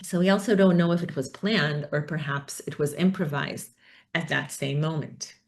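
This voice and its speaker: A woman's voice: low voice, normal speed. A woman giving an academic talk, thoughtful and hesitant, with many fillers. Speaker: academic speaker. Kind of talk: conference talk.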